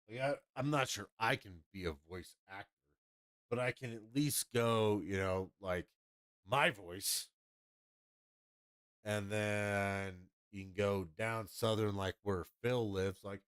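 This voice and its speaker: A man's voice: on the low side, slow, a bit bright, no echo, clean studio sound. A man chatting casually to his livestream audience in a blunt, rambling, profane way. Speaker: streamer.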